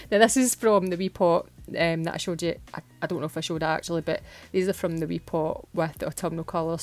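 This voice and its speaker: A woman's voice: fairly low pitch, darkish tone. Giggly Scottish woman vlogger. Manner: chatty, giggly, self-deprecating. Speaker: nail art vlogger. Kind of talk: casual tutorial narration.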